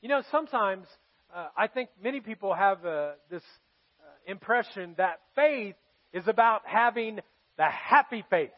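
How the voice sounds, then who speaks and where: A male pastor preaches in a church with a fairly high voice. He tells stories earnestly and drops soft for the serious moments. The recording is dull and slightly muffled. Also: lively intonation, unhurried. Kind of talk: sermon.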